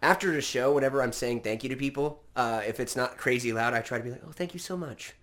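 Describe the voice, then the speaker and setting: Loud outgoing Californian man, rocker rasp. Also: mid-range voice, fast. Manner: loud, outgoing, swearing, rambling restarts. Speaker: podcast host, voiceover actor. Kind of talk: casual chat.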